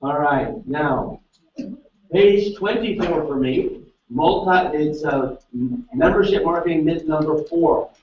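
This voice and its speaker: A fairly high-voiced man leads a live seminar with lively energy, throwing questions at the room and pushing people along. He is picked up from a distance on a dull, lo-fi mic, and the sound rings in a very echoey hall. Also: takes it slowly, slight background noise. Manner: energetic, quizzes the audience. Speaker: seminar presenter.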